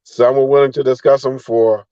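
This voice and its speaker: A man's voice: medium pitch, little pitch movement, mellow, no room sound. Earnest man on a dull line. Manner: earnest, measured, explanatory. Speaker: former county commissioner, guest. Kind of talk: interview answers.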